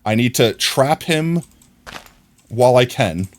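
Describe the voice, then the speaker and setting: A man streaming a video game live, talking to himself in excited, frantic bursts as he plays. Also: medium pitch, slow pace, a little hiss or hum. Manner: excitable, frantic, talks to himself while playing. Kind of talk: live gameplay commentary.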